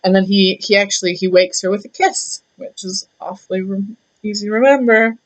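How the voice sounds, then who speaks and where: A woman's voice: medium pitch, steady tone, a little fast. A young woman retelling a myth in a chatty, irreverent way, with many fillers. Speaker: storyteller.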